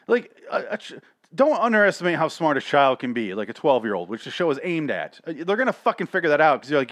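A man's voice: a little high, expressive, brisk, fairly bright tone, dry recording. A man recapping a cartoon in a crude, rambling comedic rant that grows exasperated.

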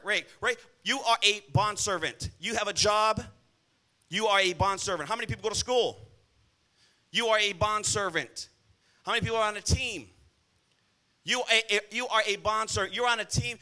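A man's voice: high-pitched, fairly quick, sharp tone. A male pastor preaching a sermon in a church, blunt and scolding, often calling out to the congregation for an "amen.".

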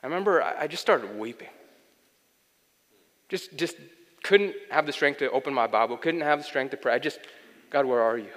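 A young man preaching a sermon, earnest, swinging between loud pleading and soft, intimate delivery. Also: mid-range voice, moderate pace. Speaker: pastor. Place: church hall. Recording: long hall reverb, faint music.

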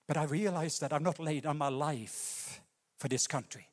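A Norwegian man preaching a sermon with passion, rising to loud cries and dropping to hushed lines. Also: a little high, moderate pace, long reverb tail. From Norway. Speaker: pastor.

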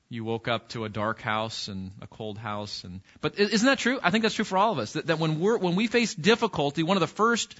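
A man's voice: a little high, bright, forceful tone, lo-fi sound. A man teaching an interactive Bible study lesson in a church classroom, putting questions to the class and often restarting his sentences. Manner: conversational, asks the class questions, frequent restarts.

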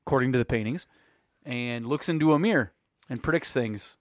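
A man chatting on a podcast with buddies, loose and rambling, cursing freely. His voice sits at a middling pitch and sounds dry and close. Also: a little fast, dry recording. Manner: loose, profane, rambling storytelling. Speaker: podcast co-host. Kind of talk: casual chat.

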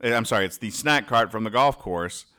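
A man hosts a casual comics read-aloud show. His voice sits on the low side but comes across bright and forceful. He talks haltingly, with plenty of "uh" and restarts, and dryly explains the jokes. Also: clear, resonant tone. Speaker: podcast host reading comics aloud.

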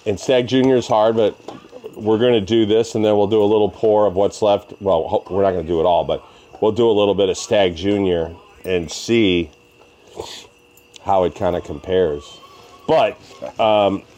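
Low-voiced, easygoing male podcast co-host. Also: moderate pace. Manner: relaxed and easygoing, trailing fillers. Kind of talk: casual chat.

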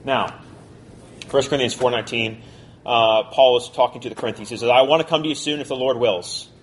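A man teaching a college Bible class, talking quickly and conversationally and putting questions to his listeners. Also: mid-range voice, fairly even intonation, a little hiss or hum.

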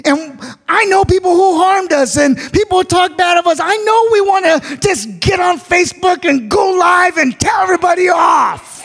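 A man preaching a sermon in a shouted, sing-song delivery, with frequent "uh" fillers between phrases. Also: extremely high pitch, animated, normal speed, vocal fry, faint music behind.

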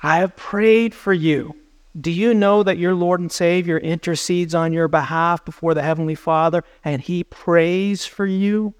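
A man's voice: on the high side, fairly even intonation, normal speed, few pauses, clear, resonant tone, no room sound. A man preaching a sermon as pastor, earnest and urgent as he exhorts his listeners.

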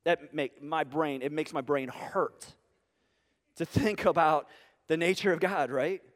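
A man preaching a sermon in an animated, humorous, conversational way, full of rhetorical questions to his congregation. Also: fairly high pitch, unhurried. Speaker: pastor. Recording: long hall reverb.

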